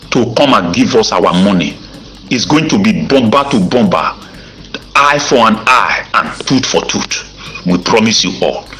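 A Nigerian man, a self-styled evangelist, recording a threatening voice-note rant full of repetition, halting restarts and filler sounds. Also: mid-range voice, bright, forceful tone, low-quality recording.

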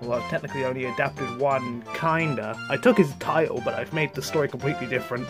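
A man's voice: medium pitch, fast talker, hardly any pauses. Guy venting about his own video series, lots of swearing and stammering, faint music under it. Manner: rambling and swearing, repeats words when flustered. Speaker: creator of a home-made toy train series. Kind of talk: casual rant to camera.

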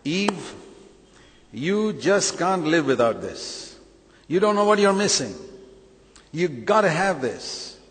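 Preacher doing a wheedling, pushy devil. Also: male voice, sing-song, slow, long pauses, a bit bright, in a large hall, exaggerated voice. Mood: coaxing. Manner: coaxing, insistent, sales-pitch delivery. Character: wheedling male devil tempting Eve, pushy salesman manner.

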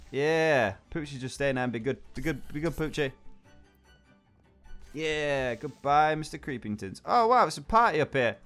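A young man chatting excitably as he plays a game, talking to his pet along the way. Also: on the high side, a little fast, soft background music. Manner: chatty and excitable, talks to his pet dog, exclaims at surprises. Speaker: gaming channel host. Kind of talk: let's play commentary.

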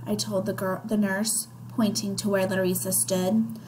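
A woman's voice: medium pitch, flat delivery, a little slow, a little mellow, slight background noise, low-quality recording. A woman reading a children's novel aloud, narrating expressively in the first person. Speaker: reader.

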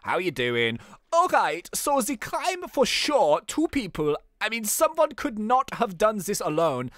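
A man's voice: sing-song, measured pace, fairly bright tone, no echo. Goofy young guy narrating his gameplay, voice jumping all over, dry sound. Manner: playful, jokey, laughs at own jokes, wildly swinging pitch. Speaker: gaming YouTuber. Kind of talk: casual gameplay commentary.

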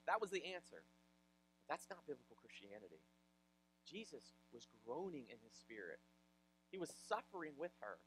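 A male pastor from Ohio, preaching a sermon in an animated, conversational way with personal stories. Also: medium pitch, moderate pace, pauses often, poor audio. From Ohio, USA.

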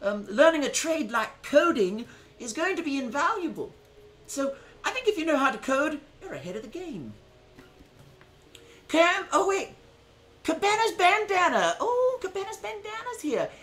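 A man's voice: very high-pitched, big pitch swings, moderate pace, bright, forceful tone. A man hosting his first live stream, chatting casually in a playfully dramatic, self-mocking way. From United States.

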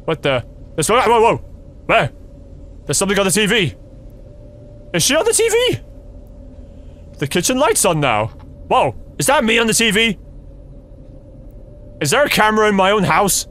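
A young man comments on a horror game as he plays it, mocking the game and cursing freely. His voice sits high and swings widely in pitch. He breaks into nervous laughs and jumpy yelps. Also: very animated, moderate pace, pauses often, pushed and bright. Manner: sarcastic, swearing, talking to the game. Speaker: gaming streamer.

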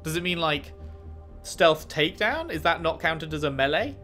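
A gaming commentator gives casual let's-play commentary in a bright, forceful voice on the high side, very animated but at a moderate pace. Chatty and playful, he reads menus aloud and banters with the game, with faint music in the background.

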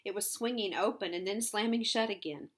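A woman's voice: medium pitch, fairly quick. A woman reading a novel aloud, adding conversational asides with hesitant fillers. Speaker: reader.

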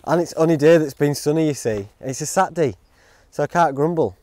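Grumbling man, mellow voice. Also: a little high, brisk, no room sound. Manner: grumbling, rambling and self-mocking. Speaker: outdoor gear reviewer. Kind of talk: casual vlog chat. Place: outdoors in woods.

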